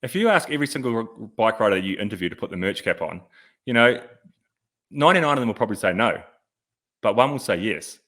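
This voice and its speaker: A man's voice: lowish voice, expressive, quick pace, fairly bright tone. A man hosting a podcast, talking in a laid-back, blunt way with crude humour. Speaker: podcast host. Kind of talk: casual chat.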